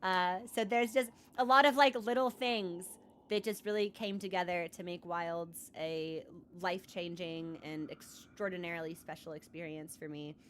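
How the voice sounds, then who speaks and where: Seated at her computer desk, a young streamer rambles earnestly and casually to her audience, full of restarts and "like"s. Her voice is on the low side, with slight background noise.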